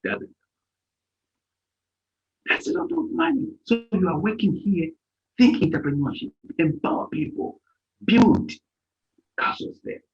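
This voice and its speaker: A man's voice: high voice, a little slow, pauses often. A man giving an informal motivational talk on a live stream, emphatic and repetitive as he tells stories. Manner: animated, emphatic storytelling with repetitions. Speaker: live stream speaker advising volunteers. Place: lives in Germany. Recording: dull lo-fi live stream audio.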